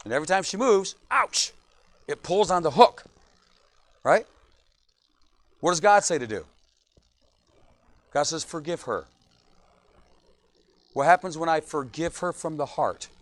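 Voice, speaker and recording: Animated, joking male pastor. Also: on the high side, measured pace, long pauses, no room sound. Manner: lively, joking, asks "right?" again and again. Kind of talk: sermon. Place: church.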